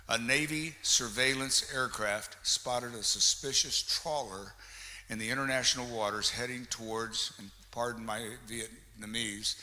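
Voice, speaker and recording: In a reverberant hall with faint background noise, a man with a mid-range, bright, forceful voice emcees a live chamber of commerce meeting. He keeps it chatty and jokey with the crowd, handing out door prizes and introducing a guest.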